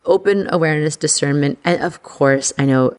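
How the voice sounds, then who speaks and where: A woman hosting an astrology podcast, talking in a chatty, excitable way full of "like". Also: low voice, moderate pace. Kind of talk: casual podcast monologue.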